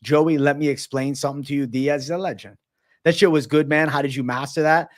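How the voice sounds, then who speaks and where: An MMA livestream host keeps things casual, reading chat questions aloud and answering them with frequent swearing. He speaks a little fast in a slightly high, steady tone.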